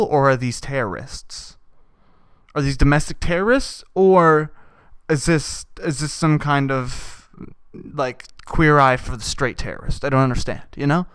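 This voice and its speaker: A man's voice: a little high, clear, resonant tone, no echo. A young man hosting a podcast, riffing profanely in a rambling comedic monologue and putting on voices for the people he quotes. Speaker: podcast host.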